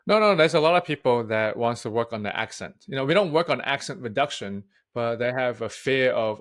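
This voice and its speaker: A man's voice: mid-range voice, animated, a little fast, few pauses, fairly bright tone. A man who is a public speaking coach, speaking as a guest in a casual interview in a frank, direct way. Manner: frank, direct, matter-of-fact.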